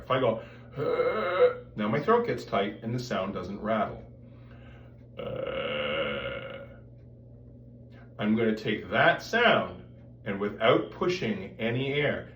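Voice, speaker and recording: A man leads a voice lesson, explaining each step and stopping to demonstrate sounds. His pitch moves freely, sitting in the middle of the range. The recording is roomy and picked up from a distance, with faint noise behind him. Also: fairly bright tone. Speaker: voice teacher. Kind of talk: vocal technique lesson with demonstrations.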